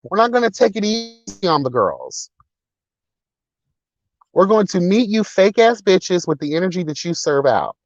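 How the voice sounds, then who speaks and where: A man's voice: sits high, very animated, moderate pace, long pauses, no echo, highs cut off. A man hosting a casual livestream, talking in a sassy, profane, dramatic way. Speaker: livestream host reading chat. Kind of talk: casual chat.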